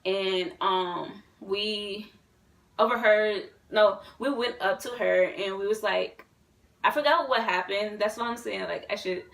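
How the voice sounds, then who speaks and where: A woman in her twenties, a vlogger telling a story to camera in a rambling, excitable way, full of fillers and swearing. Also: medium pitch, measured pace, gravelly, recorded from a distance, poor audio. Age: 20s.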